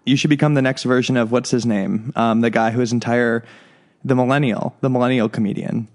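A man's voice: medium pitch, steady tone, a little fast, darkish tone. A man co-hosting a comedy podcast, teasing his partner in a dry, laid-back way. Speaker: podcast co-host. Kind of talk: casual comedy podcast chat.

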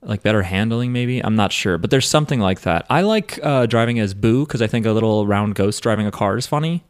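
A man's voice: on the low side, animated, brisk, clean tone, dry recording, clean studio sound. A man co-hosting a casual podcast, joking around and reading listener emails aloud. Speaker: podcast co-host.

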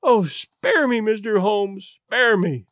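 A man's voice: sits high, very animated, moderate pace, no room sound, studio quality. A man reading a story aloud, voicing a desperate young noblewoman who pleads emotionally to save her marriage. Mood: pleading. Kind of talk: audiobook reading.

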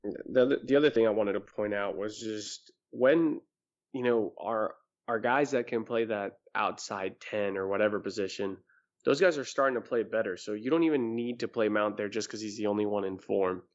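Blunt low-voiced man in sports talk. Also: normal speed, highs cut off. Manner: blunt, emphatic opinions. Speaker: podcast co-host.

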